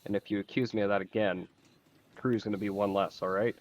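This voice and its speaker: A man voicing a quietly menacing male thief in a tabletop game. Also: steady tone, fairly quick, lightly acted, rough recording. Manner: low, threatening.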